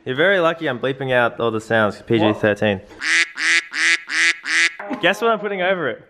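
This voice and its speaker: Lively Australian man vlogging from his car. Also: medium pitch, normal speed, faint music behind. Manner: rambling, joking, self-mocking. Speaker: personal trainer vlogging his day. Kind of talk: casual talk to camera. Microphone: handheld camera.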